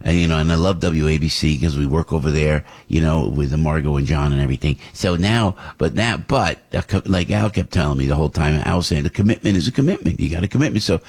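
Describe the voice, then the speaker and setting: A man's voice: extremely low pitch, fast talker, hardly any pauses, darkish tone, slightly rough, no echo. A man hosting a morning radio show, rambling through stories and acting out the people he quotes, with many restarts. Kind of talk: casual radio talk. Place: radio studio.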